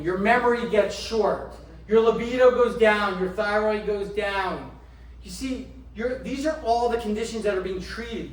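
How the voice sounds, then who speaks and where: Middle-aged male chiropractor lecturing a crowd, emphatic and rhetorical, picked up from across a reverberant room with faint noise behind. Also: sits high. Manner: emphatic, asks the audience questions, slows down on key phrases. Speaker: chiropractor giving a community talk. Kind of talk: motivational health talk to a live audience. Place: indoor event room. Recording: roomy echo, mic from a distance, faint background noise.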